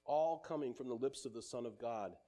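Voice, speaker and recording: A man preaching a sermon in a mid-pitched voice. He speaks with earnest conviction, reads scripture in older English, and drops softly at the ends of his phrases. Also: a little fast.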